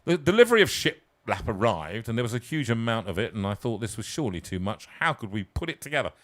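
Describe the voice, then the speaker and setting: A man's voice: mid-range voice, sing-song, fast talker. A man reading his own story aloud live, with wry, self-mocking asides. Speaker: singer and storyteller.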